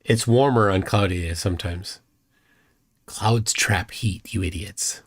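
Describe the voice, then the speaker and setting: A man's voice: deep voice, a little slow, slightly rough. Sarcastic man hosting a live reaction stream. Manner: sarcastic, mocking, reads chat comments aloud. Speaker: livestream host reacting to a video. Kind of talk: casual live commentary.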